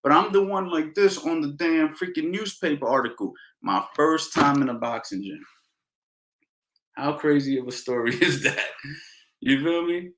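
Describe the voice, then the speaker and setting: A middle-aged man, a boxing coach, telling stories in a casual Q&A, animated and slangy, repeating phrases for emphasis. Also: on the high side, moderate pace. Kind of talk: casual Q&A storytelling. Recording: roomy echo.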